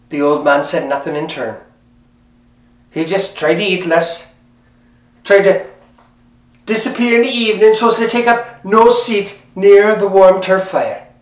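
A man telling a folk tale in a lilting, conversational way, talking straight to the listener. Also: sits high. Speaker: storyteller. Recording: roomy, mic at a distance.

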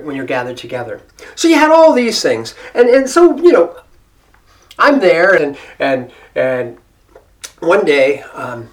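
Animated American man telling a story. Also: a little high. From United States. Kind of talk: casual spoken storytelling.

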